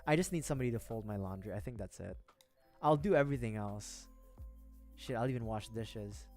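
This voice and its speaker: A man's voice: on the low side, a little fast, a little mellow, faint music behind. A young man livestreaming as he builds a model kit, chatting loosely with viewers in a rambling, self-deprecating way, cursing casually and laughing often.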